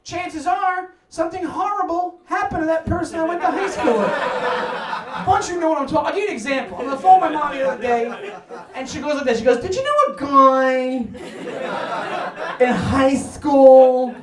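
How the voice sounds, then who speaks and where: A man from New York doing a stand-up comedy set in an apartment, talking in a profane, animated way and acting out his family's voices. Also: very high-pitched, quick pace, crowd noise. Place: apartment living room. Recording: roomy sound from a distant mic.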